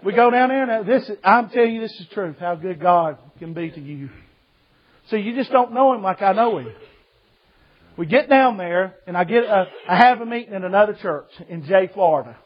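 A high-pitched preacher with a slightly rough voice and lively intonation tells funny stories at normal speed in a folksy sermon, calling the congregation brother. It's a church service, and the recording is muffled.

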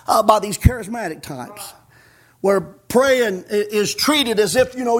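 A male pastor preaching a fiery sermon, emphatic and scolding, rising to shouts. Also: very high voice.

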